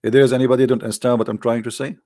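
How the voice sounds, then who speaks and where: A man hosting sarcastic religious commentary, mocking and repetitive, in halting non-native English. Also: medium pitch, level tone, dark tone, no echo, clean studio sound. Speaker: religious debate host.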